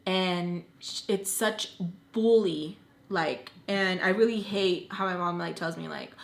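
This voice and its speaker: A young woman vlogger telling a personal story in a casual, animated, blunt way, swearing freely. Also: fairly low pitch, slow, vocal fry. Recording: echoey room.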